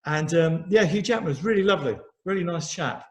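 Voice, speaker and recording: A man's voice: on the high side, lively intonation, fairly quick. A middle-aged man chatting openly as an interview guest, rambling cheerfully with repeated words and easy laughs. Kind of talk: casual chat.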